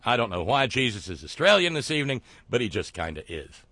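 Male show host, mid-range voice, sardonic and halting, dry and close. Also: mid-range voice, very animated, sharp tone, dry recording. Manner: sardonic, wry, halting with fillers. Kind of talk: sardonic monologue commentary.

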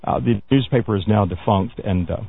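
A man hosts a talk radio news segment in a rough, gravelly voice. He stumbles through fillers and restarts and throws in wry asides. The sound is thin and boxy, like a phone-line broadcast. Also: fairly low pitch, brisk. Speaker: radio show host.

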